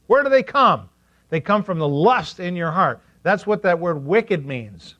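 A man preaching a sermon as pastor, animated, asking the congregation questions and acting out quotes in funny voices. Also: high voice, unhurried. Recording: dull lo-fi recording.

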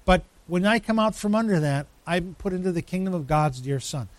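A man preaching a sermon, emphatic, with dramatic pauses, rising lines and sudden drops to a hush. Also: sits high, animated, dry recording. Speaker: pastor.

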